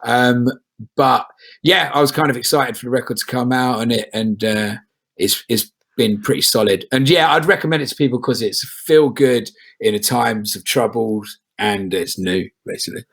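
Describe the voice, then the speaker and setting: A folk singer, chatting as an interview guest in a rambling way, with lots of restarts and casual swearing. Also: male voice, mid-range voice, normal speed, vocal fry, fairly bright tone, breathy edge. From England.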